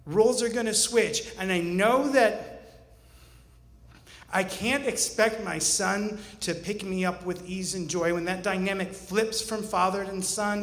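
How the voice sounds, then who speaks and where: A man in his forties with a rather high voice tells a personal story on stage, earnest and wryly funny. His voice rings through a roomy hall with a long tail of reverb. Faint ambience hangs under it. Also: a bit bright. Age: 40s. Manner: earnest with wry humor.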